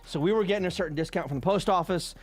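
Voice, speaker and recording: A man streamer telling casual stories on a live stream, animated, swearing and laughing often. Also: sits high, racing, faint music behind.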